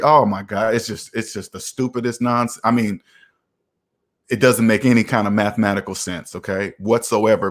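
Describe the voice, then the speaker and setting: A man hosting a finance livestream. He lectures emphatically, repeats lines for effect and answers chat comments in a preachy manner. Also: on the low side. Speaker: finance channel host.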